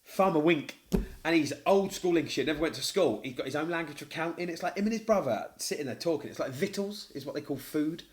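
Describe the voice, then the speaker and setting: There's slight background noise behind this middle-aged co-host, whose voice sits on the high side at a quick pace. Speaking into a podcast microphone, he tells stories animatedly in a casual chat and curses freely.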